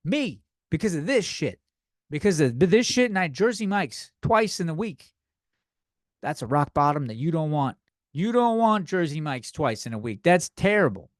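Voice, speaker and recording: A young man hosts a comedy podcast, his slightly high voice swinging widely in pitch as he rants at a normal pace. He sounds loose, profane, a little tipsy and somewhat out of breath. The studio-quality recording has no echo.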